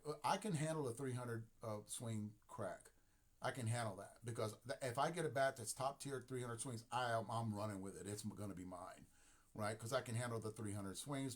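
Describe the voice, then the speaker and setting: Man, sixties, live-stream host, rambling, emphatic, repeats himself, mid pitch. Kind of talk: casual live-stream talk.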